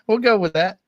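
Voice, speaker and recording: A man's voice: very high-pitched, no room sound, lo-fi sound. A man with a Southern Georgia accent, co-hosting a podcast in casual chat, rambling through stories and laughing often. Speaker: podcast co-host.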